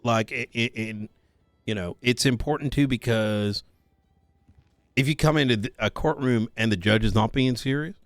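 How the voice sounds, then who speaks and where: A man's voice: mid-range voice, moderate pace, no room sound, soft background music. A man playing a sheriff's deputy in a roleplay, talking casually in a put-on character accent.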